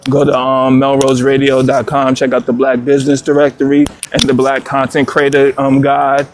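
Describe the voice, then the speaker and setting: A man's voice: mid-range voice, monotone, moderate pace, a little hiss or hum. A man talking casually as a guest, laid-back and filling his speech with hesitations while he promotes his services. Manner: laid-back, many fillers. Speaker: guest promoting a business directory. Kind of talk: casual chat.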